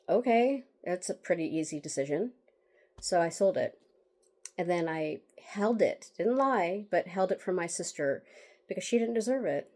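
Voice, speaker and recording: Warm in tone and animated, her voice is on the low side at a moderate pace. She's an author discussing her book in a candid vlog, telling a bitter personal story with emotion, rambling through restarts and fillers while sighing and laughing wryly.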